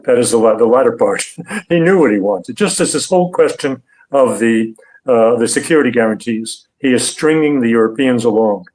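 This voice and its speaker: An older man as a guest analyst in an interview, speaking deliberately, with frequent hesitations and fillers. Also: mid-range voice, a little mellow, low-quality recording.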